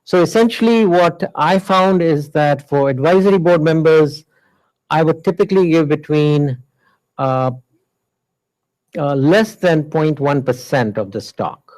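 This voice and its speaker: A man teaching a class in a relaxed, conversational lecture style, with frequent fillers. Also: a little high, unhurried, poor audio. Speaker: instructor.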